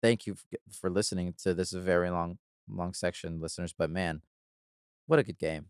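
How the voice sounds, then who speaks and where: A man's voice: deep voice, steady tone, normal speed, clean tone, no echo, clean studio sound. A man hosting a podcast in casual chat, enthusiastic and laughing often, with frequent swearing. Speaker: podcast host.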